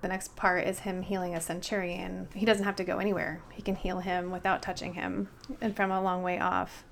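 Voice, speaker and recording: A woman's voice: on the low side, level tone, a little fast, creaky, slight background noise. A woman co-hosting a casual bible study discussion, chatty and thinking aloud.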